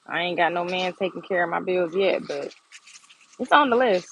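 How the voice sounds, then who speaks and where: A woman's voice: on the low side, expressive, normal speed, a bit bright, a little hiss or hum, poor audio. A young woman chatting bluntly and playfully on a phone livestream from her garden. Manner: sassy, blunt, laughs often. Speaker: livestream host. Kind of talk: casual livestream chat. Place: outdoors in a garden.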